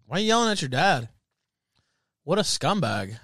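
A man's voice: fairly high pitch, very animated, moderate pace, a bit bright, dry recording, studio quality. A man hosting a live stream, mocking a clip with crude, sardonic commentary. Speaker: stream host reacting to clips.

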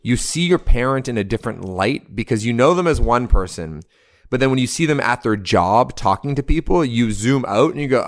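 A man's voice: mid-range voice, lively intonation, fairly quick. A man hosting a podcast in casual chat over a video call, rambling and laughing easily. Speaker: podcast host.

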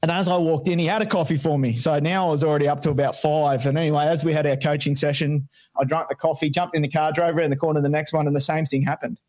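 A man in his forties with an Australian accent, telling stories in a relaxed, rambling way as a podcast guest. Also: fairly high pitch, fast, hardly any pauses. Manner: relaxed, rambling, many restarts and "you know"s. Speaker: guest, army veteran and coffee business owner. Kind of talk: casual storytelling chat.

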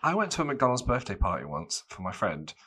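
Low-voiced guy, chatty, jokey storytelling. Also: sing-song, a little fast, bright, forceful tone, husky. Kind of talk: casual podcast chat.

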